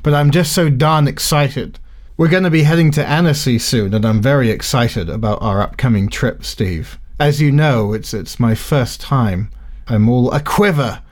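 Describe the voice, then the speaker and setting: A man co-hosting a relaxed comedy podcast. He talks with a dry, deadpan sarcasm and a playful grumpiness, his voice sitting at an ordinary middle pitch. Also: moderate pace. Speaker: podcast co-host. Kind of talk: casual comedic chat.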